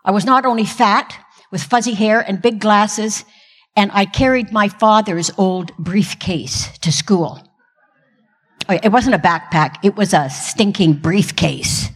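A woman's voice: medium pitch, takes it slowly, in a large hall. An older woman giving a humorous, self-deprecating Christian talk from a stage with comic timing. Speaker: Christian speaker. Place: stage in a large hall.

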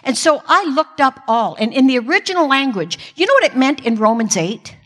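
Older woman, Christian speaker, higher voice, self-mocking humor, long hall echo. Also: big pitch swings, fairly quick, a bit bright. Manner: self-deprecating, comic timing. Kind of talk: humorous inspirational talk. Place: stage in a large hall.

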